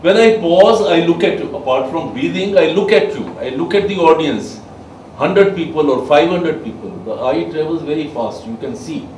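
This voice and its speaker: A man giving a soft skills lecture to a class, emphatic and quizzing his listeners. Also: on the high side, lively intonation, normal speed, slight background noise. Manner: emphatic, asks the class questions. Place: training room with a class. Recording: echoey room, mic far off.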